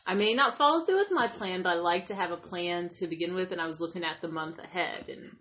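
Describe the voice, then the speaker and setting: A woman's voice: fairly low pitch, lively intonation, fast, fairly bright tone. A woman co-hosting a podcast, chatting casually and explaining herself with a laugh. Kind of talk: casual chat.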